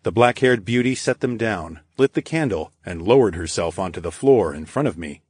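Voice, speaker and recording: A man narrating a first-person audiobook in a steady, measured way. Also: lowish voice, slightly rough, no echo.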